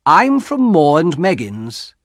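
A man's voice: fairly high pitch, huge pitch swings, slow pace, no room sound, clean studio sound, voice pushed up, full character voice. A man reading an audiobook, voicing a grave, well-dressed male stranger who speaks politely and with measure. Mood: formal.

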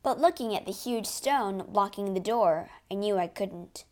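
In a moderate mid-range voice, a female narrator reads a first-person adventure story aloud. Her delivery is expressive and storybook-like, yet slow, deliberate, and measured.

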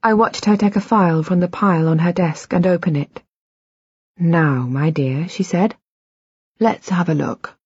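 A woman's voice: fairly low pitch, a little slow, darkish tone, breathy edge, no room sound, lo-fi sound. A woman reading the part of an older, kindly female doctor who speaks politely and a little formally.

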